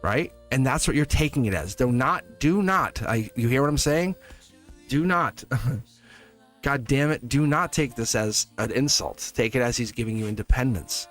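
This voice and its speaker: Guy doing a chill tarot reading, rambles and laughs, voice bounces around a lot, soft music under it. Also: medium pitch, expressive, normal speed. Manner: rambling, chatty, laughs often. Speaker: tarot reader. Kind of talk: casual live tarot reading.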